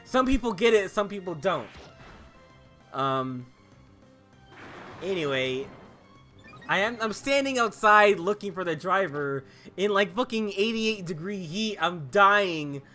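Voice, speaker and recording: A man chatting casually while playing a game, animated, swearing freely and laughing often. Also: high voice, slow, pauses often, soft background music. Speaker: gaming video host. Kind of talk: casual storytelling over gameplay.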